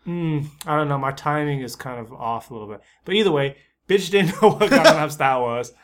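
A man who lives abroad as a teacher, co-hosting a casual chat and telling stories in a relaxed way with lots of filler words. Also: fairly high pitch, fairly quick. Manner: relaxed storytelling, many filler likes. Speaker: podcast co-host; expat teacher in Korea.

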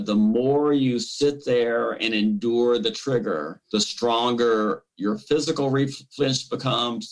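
A man's voice: medium pitch, a bit bright, poor audio. A man being interviewed as a behavior analyst, giving plain, direct, instructive advice. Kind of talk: interview answers.

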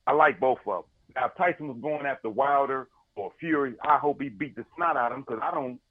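Guy cohosting a sports podcast, animated storyteller, dull lo-fi dry sound. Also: medium pitch, brisk, no echo. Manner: animated storyteller, paraphrasing and laughing. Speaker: podcast co-host. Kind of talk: casual sports chat.

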